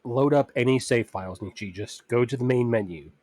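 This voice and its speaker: A man of middle pitch co-hosts a live stream in casual chat. He stumbles and repeats words as he starts his sentences, and his voice sounds dry, with no room echo. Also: moderate pace, darkish tone.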